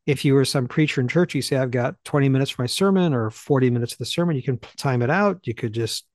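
A man teaching Bible studies, talking eagerly and fast in a casual podcast chat, often clipping his sentences and restarting. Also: medium pitch, no echo, studio quality.

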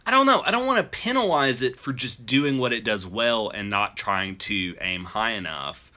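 A man's voice: medium pitch, lively intonation, normal speed, bright, forceful tone. A man from the South, co-hosting a casual film review chat, joking loosely and laughing often. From American South. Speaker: podcast co-host.

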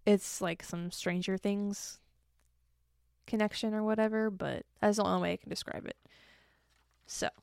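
A woman's voice: medium pitch, fairly even intonation, moderate pace, creaky, long pauses, a little mellow, clear, resonant tone, dry recording, clean studio sound. A young woman hosting her own podcast, chatting casually and joking at her own expense, tired from an early start. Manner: chatty and self-deprecating, joking asides. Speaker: podcast host. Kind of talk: casual solo podcast chat.

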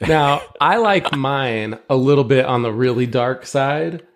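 A man in his thirties, co-hosting a podcast, telling stories in an animated way and swearing freely. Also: mid-range voice, unhurried. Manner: animated storyteller, swears a lot, acts out his kids. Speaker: podcast co-host. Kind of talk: casual chat.

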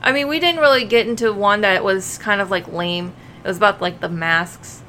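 A woman's voice: mid-range voice, moderate pace, sharp tone. A woman co-hosting a podcast chats bluntly, her voice sitting in a middle range. She swears offhandedly as she talks. A faint hiss runs under the recording. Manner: chatty, blunt, swears casually. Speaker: podcast co-host. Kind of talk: casual chat.

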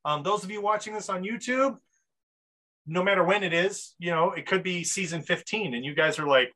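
Upbeat bright-voiced podcast host man. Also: sits high, a little fast. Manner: upbeat, hype-style, with frequent fillers. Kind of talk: casual podcast chat.

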